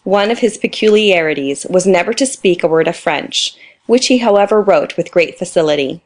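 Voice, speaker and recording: Woman narrator, audiobook reading, lowish voice, steady delivery. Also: normal speed. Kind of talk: scripted narration.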